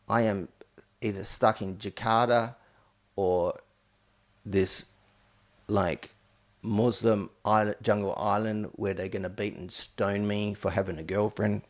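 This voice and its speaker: A man, a podcast host, telling a rambling, blunt, profane story about his own life. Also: on the low side. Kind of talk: candid storytelling monologue.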